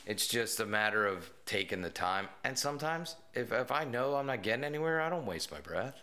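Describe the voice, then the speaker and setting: A man's voice: medium pitch, animated, fairly quick, bright, forceful tone. A man, a police officer, telling stories in casual chat, rambling with lots of fillers. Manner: rambling, full of "like" and "you know". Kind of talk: casual storytelling in a podcast chat.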